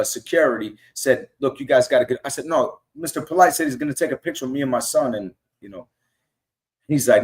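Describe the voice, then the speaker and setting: A middle-aged man on a casual podcast, telling fan stories and acting out quotes in an animated way. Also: medium pitch. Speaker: guest fan.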